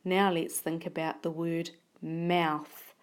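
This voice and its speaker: A woman teaches a phonics lesson, breaking each word into its sounds with slow, careful speech. Her voice sits low in pitch and she takes her time over every word. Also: level tone, clear, resonant tone. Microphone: tablet recording.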